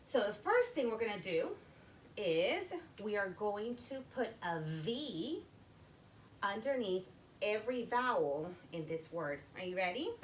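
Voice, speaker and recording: A woman teaching a phonics lesson to young children, explaining step by step in a slow, patient way. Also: medium pitch, a little hiss or hum, low-quality recording. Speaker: literacy teacher.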